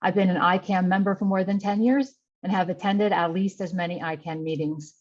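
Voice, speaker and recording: A woman's voice: fairly low pitch, fairly even intonation, a little fast, darkish tone, lo-fi sound. Formal woman reading out her credentials. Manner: formal, methodical, listing credentials. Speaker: candidate for advisory council. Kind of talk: prepared candidate statement.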